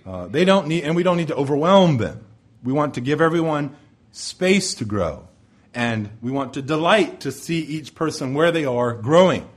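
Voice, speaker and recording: A pastor delivers his sermon in a fairly high male voice. He speaks in an earnest, measured way, pausing to explain and restate his points. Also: animated.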